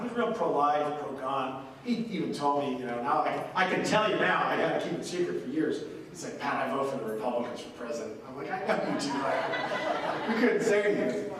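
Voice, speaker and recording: A man giving a folksy, animated political town-hall speech, telling anecdotes and acting out other people. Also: fairly high pitch, a little hiss or hum. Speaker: congressman speaking at a town hall. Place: large echoey courthouse hall. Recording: echoey hall recorded from a distance.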